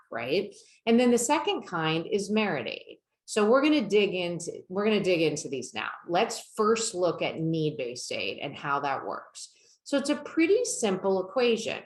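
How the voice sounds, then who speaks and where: Woman, low-pitched, webinar presenter, conversational, checks in with "right?", echoey room. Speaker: college financial aid presenter.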